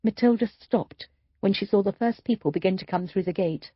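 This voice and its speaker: A woman's voice: mid-range voice, fairly quick, slightly rough, no echo, dull audio. A woman narrating an audiobook, reading the dialogue with light shifts for each character. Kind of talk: scripted narration.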